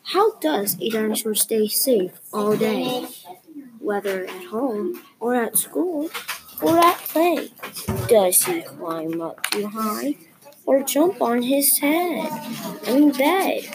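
A woman reading a children's picture book aloud in a careful, measured way. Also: a little high, lively intonation, noisy background. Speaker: story reader.

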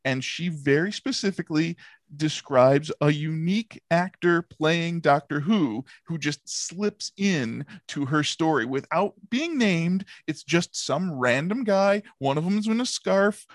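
A man's voice: on the high side, expressive, unhurried, no echo, clean studio sound. A man hosting a casual book club podcast, talking enthusiastically and laughing often. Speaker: podcast host.

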